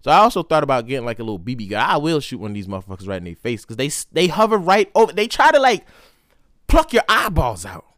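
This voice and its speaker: A young man hosting a casual solo podcast, telling stories in a profane, slangy, animated way. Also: medium pitch, quick pace, no echo, studio quality. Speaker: podcast host.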